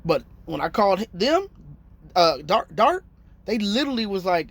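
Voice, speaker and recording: A man's voice: high-pitched, very animated, a little fast. A man in his thirties, a truck driver telling a story in a casual, slangy vlog and acting out his phone calls.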